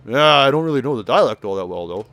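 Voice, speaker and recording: A man's voice: medium pitch, expressive, quick pace, fairly bright tone, faint music behind. A man giving loose, chatty commentary on a game he plays, laughing often and summing up the characters' lines. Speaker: let's play commentator. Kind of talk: casual gameplay commentary.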